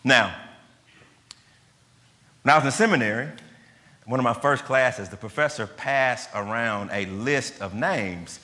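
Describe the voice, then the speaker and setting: A man's voice: mid-range voice, measured pace, long pauses, sharp tone. A man preaching a sermon, emphatic and conversational, asking his listeners questions. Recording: long hall reverb.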